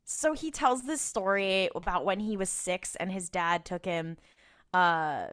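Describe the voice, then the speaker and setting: This podcast co-host has a smooth, lowish voice and keeps a measured pace. Chatting casually through episode recaps, she performs the characters' dialogue with lively storytelling, funny voices and laughter.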